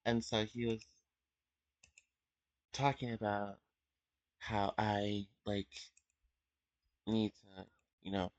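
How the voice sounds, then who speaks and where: A teenage young man giving an unscripted personal confession at home, emotional and halting, with many fillers and restarts. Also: lowish voice, little pitch movement, no room sound, dull audio. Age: teens. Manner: emotional, soft-spoken. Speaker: vlogger.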